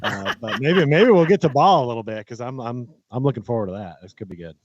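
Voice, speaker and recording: A man co-hosting a casual podcast, an animated storyteller who laughs often. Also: mid-range voice, fast talker, highs cut off, background noise. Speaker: podcast co-host.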